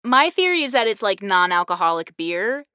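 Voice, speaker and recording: A young woman hosting a casual podcast chat, animated and quick to laugh, with lots of restarts. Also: medium pitch, smooth, no room sound, studio quality. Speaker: podcast host.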